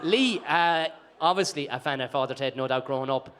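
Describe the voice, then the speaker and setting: A man's voice: mid-range voice, fairly quick, a bit bright. A man hosting a live film night, upbeat and teasing. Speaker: host.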